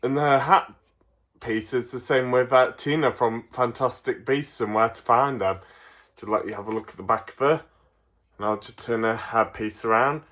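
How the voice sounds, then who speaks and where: Derbyshire man with a bright, forward voice, casual and giggly, unboxing toys on camera. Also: mid-range voice. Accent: Derbyshire English. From Derbyshire, England. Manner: chatty, chuckles often, halting with fillers. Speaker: toy reviewer.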